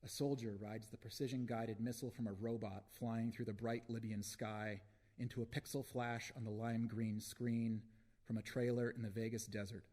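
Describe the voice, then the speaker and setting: A man giving a live reading of his own poetry at a book launch, slow and deliberate with long pauses between phrases. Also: mid-range voice, little pitch movement, a little mellow. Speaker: poet reading his work.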